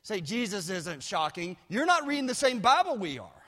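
High-voiced preacher in a reverberant hall. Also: male voice, big pitch swings, moderate pace. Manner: builds from low asides to shouted climaxes. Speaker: pastor. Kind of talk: sermon.

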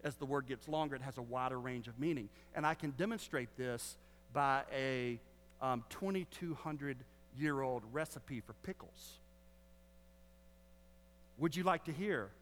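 A man's voice: medium pitch, unhurried, a bit bright, a little hiss or hum. A man preaching a sermon as a Baptist pastor, teaching with joking asides to the congregation. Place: church sanctuary. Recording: long hall reverb.

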